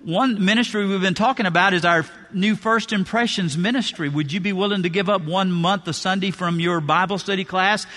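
A man preaches from the pulpit, hammering his points home through repetition. His voice sits high and bright. The sound rings with the long reverb of a large hall. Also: fairly quick, few pauses. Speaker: pastor. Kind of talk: sermon. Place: church sanctuary.

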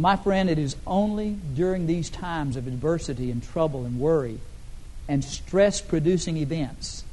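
A middle-aged man preaching a sermon as pastor, swinging between emphatic loud rises and soft, drawn-out drops. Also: high-pitched.

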